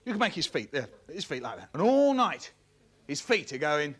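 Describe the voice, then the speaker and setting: Wildly animated man telling a story. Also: a little high, moderate pace. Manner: playful, swings between many put-on voices. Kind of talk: animated comic storytelling, remixed. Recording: loud background noise.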